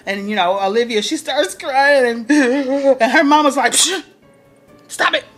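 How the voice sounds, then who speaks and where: A woman's voice: a little slow, soft background music. A woman recapping a TV episode in casual chat, acting out quotes and laughing often. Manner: animated, acts out quotes in a higher voice, laughs often. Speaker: TV recap vlogger.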